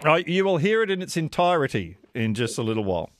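A man's voice: a little high, very animated, quick pace. A man hosting a radio quiz, chatting casually with callers in a self-deprecating way and laughing often. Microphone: studio microphone.

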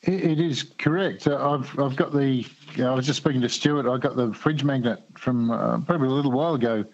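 An Australian man calling in to a radio show, friendly and a little halting as he talks. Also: medium pitch, highs cut off. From Victoria, Australia. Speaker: radio caller. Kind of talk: phone-in chat. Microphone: telephone.

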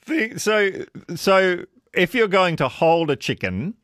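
A man's voice: high voice, sing-song, slow pace, fairly bright tone, no room sound, studio quality. A man hosting a talkback radio show, chatty and jokey, often laughing at himself. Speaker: radio host. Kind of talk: casual talkback radio chat. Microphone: studio microphone.

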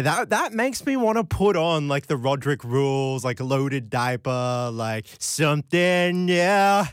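A man's voice: a little high, sing-song, unhurried, hardly any pauses, smooth, soft background music. A young man hosting a late-night radio show, chatting casually and reading listener texts, rambling off into giggly tangents. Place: radio studio. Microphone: studio microphone.

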